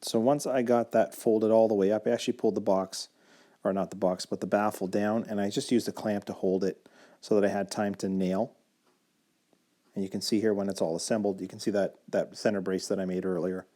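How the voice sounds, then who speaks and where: Man, casual how-to voice-over, mellow tone, somewhat low voice, easygoing explanations with ums and restarts. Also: brisk. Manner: relaxed, explanatory, with frequent fillers and self-corrections. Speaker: woodworking video maker.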